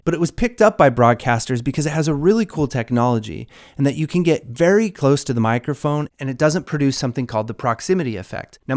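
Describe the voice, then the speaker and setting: An enthusiastic man walks viewers through podcast microphones in a bright, upbeat teaching tone. His voice sits at an ordinary middle pitch. It is recorded close on a studio mic, with a very dry sound and no room echo. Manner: upbeat, enthusiastic, lively emphasis. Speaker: podcast gear reviewer. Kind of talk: explaining microphone review to camera.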